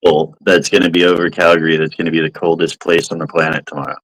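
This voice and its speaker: Deep teasing man, dry sound. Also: flat delivery, quick pace, a bit bright, dry recording, rough recording. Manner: teasing, laughs often. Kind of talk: casual banter.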